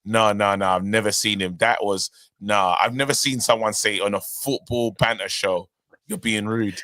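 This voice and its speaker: A man's voice: normal speed, a little hiss or hum. A man co-hosting a casual football banter podcast, laughing and swearing, his voice swinging widely. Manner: animated, laughing, swearing, big pitch swings. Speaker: podcast co-host.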